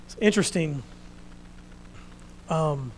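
A man preaching a sermon, reading scripture out loud and then talking quietly and earnestly to his congregation. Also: fairly high pitch, expressive, takes it slowly, slight background noise, low-quality recording. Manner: reads scripture loudly, then speaks quietly and reflectively.

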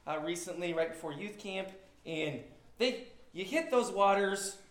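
A man delivers a sermon with a notably high-pitched voice. He preaches in a conversational, unpolished way, then punches certain words much louder for emphasis. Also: animated, a little slow. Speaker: pastor.

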